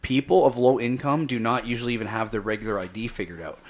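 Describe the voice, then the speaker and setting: Brash, fast-talking young man. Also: mid-range voice. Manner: brash, fiery, swears freely. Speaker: podcast guest. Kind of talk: heated political discussion.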